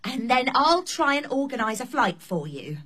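Brief: a high, animated hotel receptionist, slow and clear. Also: female voice, heavily acted. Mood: flustered. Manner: speaks slowly and clearly to be understood. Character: flustered female hotel receptionist. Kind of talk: scripted learning drama.

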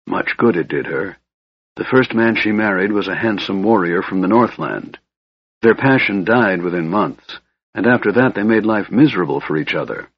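A frail, sardonic young mage, put on by a man, speaks in a cold, hissing whisper with a husky edge. The voice sits low, and the dull, lo-fi recording is dry and close. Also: expressive, moderate pace, dry recording, heavily acted. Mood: bitter, musing. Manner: cold, brooding, bitter.

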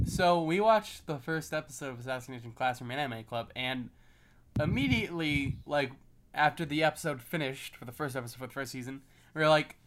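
A man's voice: medium pitch, brisk, a bit bright. A young man chatting casually with friends, rambling with many fillers. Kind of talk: casual podcast chat.

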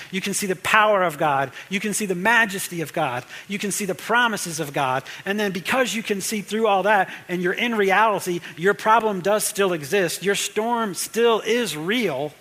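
A man's voice: sits high, pushed and bright. A man preaching a conversational sermon as a pastor, repeating phrases for emphasis.

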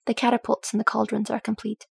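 A woman's voice: a little high, completely flat delivery, fast talker, creaky, breathy edge, dry recording, full character voice. A woman voicing a steely, no-nonsense female dwarf officer who reports in a terse, matter-of-fact way.

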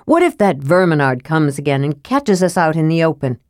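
A woman gives voice to an honest young male warrior with simple, earnest speech and a worried edge. Her voice sits low. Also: sing-song, a little fast, no echo, clean studio sound.

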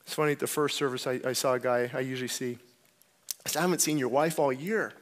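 A man preaching an impassioned sermon as a pastor, rising to loud outbursts and dropping to low, intense stretches. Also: quick pace, slight background noise.

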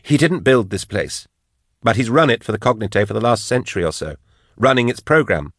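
A man's voice: lowish voice, expressive, a little fast, a bit bright, no echo, clean studio sound, voice pushed up. A man voicing a cold, matter-of-fact female investigator with a withering tone. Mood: cool.

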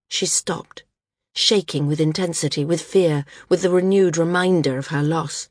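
Low-voiced husky woman narrating. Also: steady tone, normal speed, dry recording, studio quality. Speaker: audiobook narrator. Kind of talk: scripted narration.

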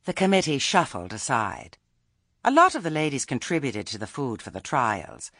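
A man narrating an audiobook in an expressive, wry storytelling manner. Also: medium pitch, normal speed, no room sound, clean studio sound. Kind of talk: scripted narration.

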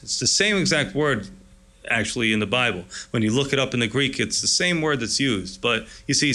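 A man's voice: mid-range voice, pushed and bright. A man preaching a sermon in an enthusiastic, conversational, storytelling way. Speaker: pastor.

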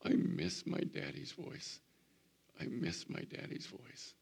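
A man voicing his grown daughter, tearful and breathy, in a trembling near-whisper, quoted within a sermon. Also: medium pitch, huge pitch swings, takes it slowly, pitched above the performer's own voice, exaggerated voice.

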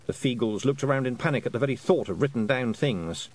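A man reading a novel aloud as an audiobook, with expressive storytelling. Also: medium pitch, quick pace. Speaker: audiobook reader. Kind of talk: audiobook narration.

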